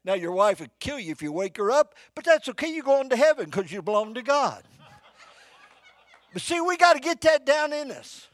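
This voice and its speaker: An older man preaching a sermon to a congregation, folksy, shifting between shouted exhortation and hushed storytelling. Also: very high voice, very animated, moderate pace, dry recording. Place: church before a live congregation.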